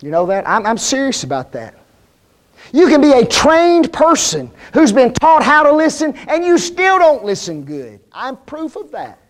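Animated, high-voiced male preacher. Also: moderate pace. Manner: asks the congregation frequent rhetorical questions; folksy, plain-spoken. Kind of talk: sermon.

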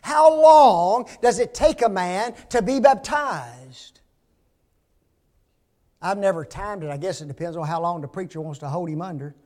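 Man in his sixties, pastor delivering a sermon; high voice, measured delivery, emphatic and questioning. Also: a little mellow. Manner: emphatic, rhetorical questioning of the congregation. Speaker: preacher.

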